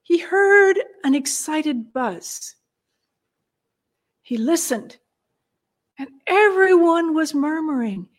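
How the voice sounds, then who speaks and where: Woman storyteller, high voice, slow and expressive, dramatic retelling. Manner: expressive, with hushed moments and long pauses.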